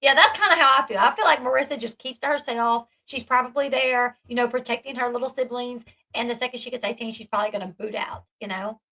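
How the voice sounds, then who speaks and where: A woman's voice: fairly high pitch, quick pace, few pauses, bright, forceful tone, rough recording. A young adult woman giving casual commentary and reacting to live chat, telling the story emphatically and with indignation. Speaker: online commentator.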